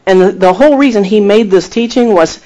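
Animated high-voiced male preacher. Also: a little fast, poor audio. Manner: animated storytelling, acting out quoted voices; emphatic, rising to exhortation. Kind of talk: sermon.

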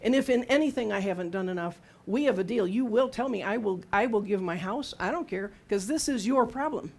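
A woman's voice: mid-range voice, animated, fairly quick, a little mellow. A middle-aged woman preaching a sermon in a conversational, humorous storytelling way, acting out quotes as she goes.

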